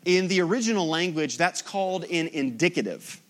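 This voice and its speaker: A man's voice: a little high, animated, a little fast, fairly bright tone. A man preaching a sermon as pastor, emphatic, with rhetorical repetition.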